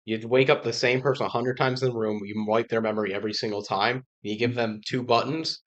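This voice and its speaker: Male podcast guest, steady and sure, conversational. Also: mid-range voice, brisk. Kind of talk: casual podcast discussion.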